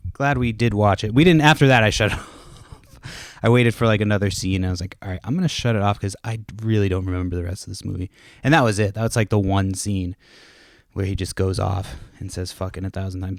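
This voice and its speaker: A man's voice: on the low side, no room sound, clean studio sound. A man in his thirties hosting a podcast from home, rambling casually and cursing often as he goes off on tangents. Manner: profane, rambling, self-interrupting. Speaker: podcast host. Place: home, kids nearby.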